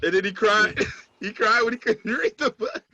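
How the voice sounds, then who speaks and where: A man's voice: high voice, normal speed, lo-fi sound, a little hiss or hum. A man co-hosting a casual podcast, mocking scenes from a TV episode and acting out the characters' lines. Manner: animated, mocking, quotes characters with laughter. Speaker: podcast co-host. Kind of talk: casual group chat reviewing a TV episode.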